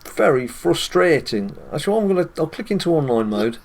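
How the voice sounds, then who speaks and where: A man's voice: a little high, very animated, brisk. A British man hosting casual gameplay commentary, chatty and addressing viewers directly, chuckling often. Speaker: gaming channel host.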